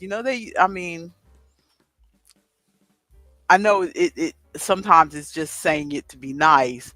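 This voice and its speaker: A chatty man in his fifties hosts a casual home livestream, puzzling over crossword clues out loud. His voice swings up and down with lively intonation, picked up close by a headset mic with a dry, dead-sounding room and faint music underneath. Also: a little high, a little slow, no room sound. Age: 50s. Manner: chatty, thinks aloud while solving a crossword. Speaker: livestream host. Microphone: headset with headphones.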